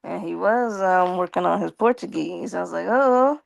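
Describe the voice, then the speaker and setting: A woman's voice: fairly low pitch, moderate pace, vocal fry, no room sound. A woman hosting a casual live stream, reading viewer comments aloud in a playful, teasing way and laughing often.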